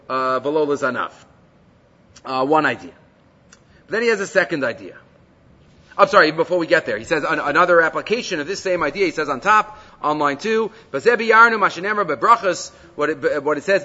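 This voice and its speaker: A man teaching a Torah class, reading a text aloud, translating it, and asking rhetorical questions in an animated way. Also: fairly high pitch, slightly rough. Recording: dull lo-fi recording with long reverb.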